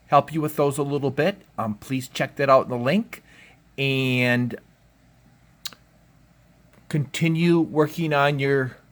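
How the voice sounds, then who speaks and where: A man's medium-pitched voice guides children through their work in a home learning video, and his manner is relaxed and encouraging as he thinks aloud.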